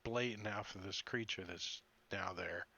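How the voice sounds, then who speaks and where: Male game master, lively and chuckling, bright crisp tone, dull online sound. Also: fairly low pitch, a little slow. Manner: lively narration, chuckling often. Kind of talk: narrating a tabletop game. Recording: slightly muffled online audio.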